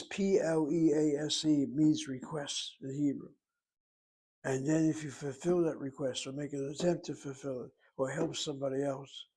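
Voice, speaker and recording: Husky-voiced guy giving a slow careful language lecture, spells stuff out. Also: mid-range voice, darkish tone, rough recording. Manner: slow, deliberate, spells words out letter by letter. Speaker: Hebrew teacher.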